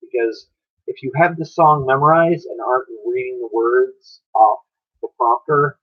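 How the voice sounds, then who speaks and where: A man hosting a livestream, giving casual spoken advice in a loose, chatty way, often restarting his phrases and answering chat. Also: medium pitch. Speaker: livestream host. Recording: dull lo-fi stream audio.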